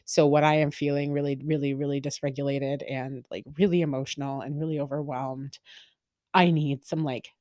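A woman in her thirties hosts a podcast, rambling openly through a candid personal monologue packed with fillers and laughs. Her voice sits low with a darkish tone, recorded dry and at studio quality.

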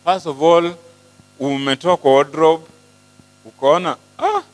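A man preaches with animation, throwing questions out to the congregation as he shifts between English and Swahili. His voice sits a little high for a man. A long hall reverb and a low mains hum hang behind him. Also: a little slow. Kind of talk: sermon.

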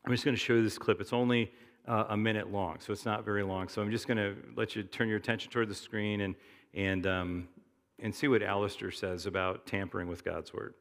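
A man's voice: on the low side, steady tone, fairly quick, in a large hall. A middle-aged man preaching a sermon in a conversational, storytelling way. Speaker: pastor. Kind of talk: sermon with anecdotes.

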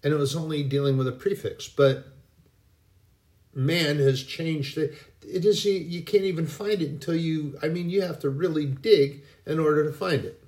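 A man giving a casual devotional talk in a folksy, rambling way, with many pauses and restarts. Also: on the high side, fairly even intonation, a little mellow. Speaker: Christian speaker.

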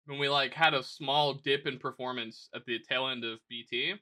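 A young man co-hosting a podcast, telling animated stories in a casual, profane way. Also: mid-range voice, normal speed. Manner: animated storytelling, lots of swearing. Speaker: podcast co-host. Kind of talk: casual chat.

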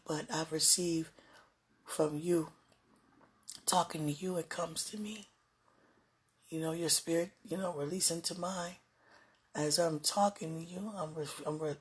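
Breathy low woman, intimate devotional chat. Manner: soft, intimate and affectionate.

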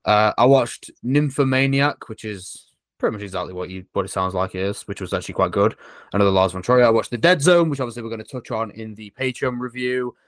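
A man's voice: on the low side, fast talker, no room sound. Hesitant man in casual podcast chat. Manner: rambling, hesitant, with many restarts. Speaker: podcast co-host.

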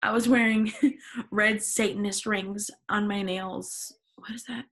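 A young woman with a husky, slightly breathy voice reads a story aloud to a friend, giggling and hamming it up. Her pitch sits in a middle range and her delivery is loose and theatrical, the tone of a casual podcast host. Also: fairly even intonation, slow pace, a bit bright. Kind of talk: casual dramatic reading with friend.

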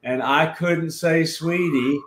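A man with a South Alabama Southern accent, telling a story as a guest in an unhurried, rambling way. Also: fairly high pitch, a bit bright. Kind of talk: storytelling in a podcast chat. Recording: roomy echo.

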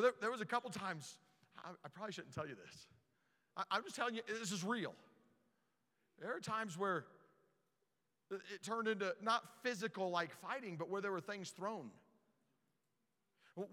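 A man preaching a storytelling sermon, animated and stumbling over repeated words as he starts sentences. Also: high voice, big-room sound.

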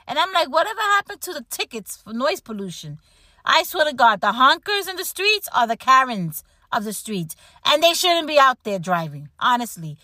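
Woman podcast host, animated casual rant, slightly high pitch, dry recording. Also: normal speed, no echo. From United States. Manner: animated ranting, laughs at herself. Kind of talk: casual chat.

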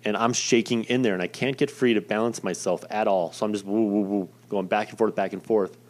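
A man's voice: lowish voice, steady tone, brisk, a little mellow. A young man casually telling a personal story in a rambling, profane, self-deprecating way.

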